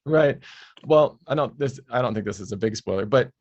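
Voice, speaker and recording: Appearing as a guest in a casual interview, a male audiobook narrator explains his craft at length, stumbling through fillers and restarts. He has a mid-range voice and talks slightly fast.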